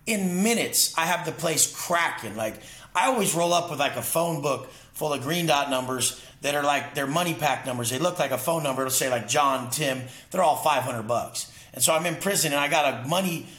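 A man's voice: a little high, fairly bright tone, roomy sound. A man talking as an interview guest, intense and profane, telling emphatic stories in casual conversation. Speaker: podcast guest.

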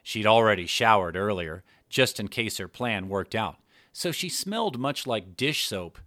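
Give me a male narrator with a bright, forward tone and a dry close sound. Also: lowish voice, lively intonation, measured pace, no echo. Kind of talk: scripted narration of an adult story.

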